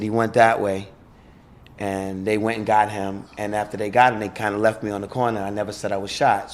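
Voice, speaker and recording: A middle-aged man with a New York accent, a former police officer, telling a story in halting conversation full of fillers and restarts. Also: lowish voice.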